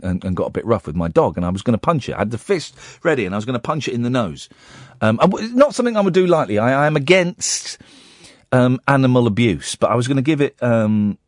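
A man's voice: fairly high pitch, no echo. A man hosting a radio phone-in, chatting casually and telling a rambling, self-mocking story from the studio.

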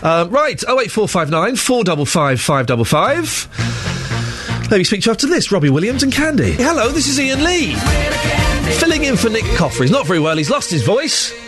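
A man's voice: sits high, big pitch swings, brisk, over music. A man filling in as a radio presenter, chatty and joking at his own expense, sounding a bit bunged up, speaking into a studio microphone. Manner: chatty, joking, self-deprecating. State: congested, bunged up. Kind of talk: casual radio links.

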